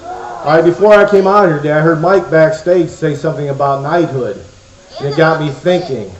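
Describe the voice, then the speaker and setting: A man's voice: fairly high pitch, moderate pace. A man presenting to a children's church crowd in a playful, joking, chatty way. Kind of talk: comic talk to a kids' audience. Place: church hall before a crowd of kids. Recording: echoey hall, muffled sound.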